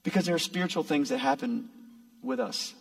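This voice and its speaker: A man's voice: high-pitched, animated, fairly quick, vocal fry, distant mic. A man preaching a sermon as a pastor, talking in a conversational, folksy way with playful asides. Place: church.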